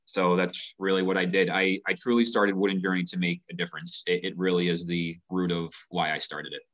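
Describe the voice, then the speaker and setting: A passionate man in a relaxed sit-down interview. His voice sits low but rings bright and forward. He talks earnestly and often doubles the first word of a thought. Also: brisk. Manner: earnest, passionate, repeats words when starting sentences. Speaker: company founder, guest. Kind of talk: casual interview conversation.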